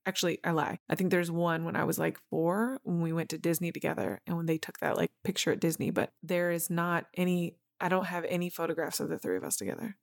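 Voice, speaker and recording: A woman's voice: fairly low pitch, fast talker, vocal fry, few pauses, no echo, studio quality. Earnest woman telling a personal story. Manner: emotional, earnest, addresses listeners as y'all. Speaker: podcast host.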